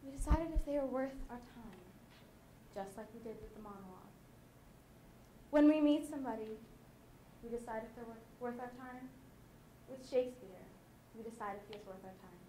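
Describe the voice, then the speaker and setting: High-voiced teen girl giving a talk. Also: normal speed, long pauses, slight background noise. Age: late teens. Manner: lively, chatty and laughing. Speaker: student speaker. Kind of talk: youth conference talk. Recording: echoey hall.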